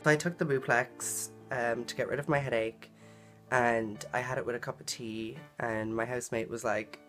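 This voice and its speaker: A woman's voice: a bass voice, fairly even intonation, normal speed, faint music behind. A woman vlogging a personal story in a casual, earnest way, full of "like" and "um" fillers. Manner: chatty, filler-heavy, frequent "like" and "um"; earnest and emotional in retelling.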